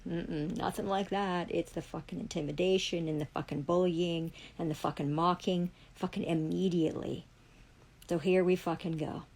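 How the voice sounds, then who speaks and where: A woman's voice: lowish voice, steady tone, normal speed, a little mellow, low-quality recording. A woman in a furious, heavily profane livestream rant. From Canada.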